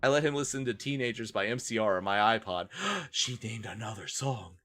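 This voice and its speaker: A man's voice: on the low side, lively intonation, brisk, fairly bright tone. A man streaming a comedic dramatic reading with mock-dramatic narration and wry asides.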